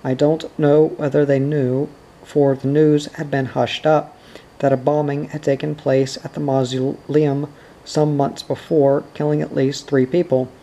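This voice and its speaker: A man reads nonfiction aloud in a steady, measured way. His voice is mellow and warm, and his pitch barely moves from line to line. Quoted dialogue stays low-key inside the narration. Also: poor audio. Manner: even, measured reading with quiet quoted dialogue. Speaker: audiobook reader.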